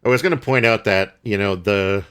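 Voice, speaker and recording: A man with a low, bright, forceful voice talks through a film recap in loose casual chat. He rambles with plenty of fillers and restarts, speaking as a podcast co-host. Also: brisk, smooth.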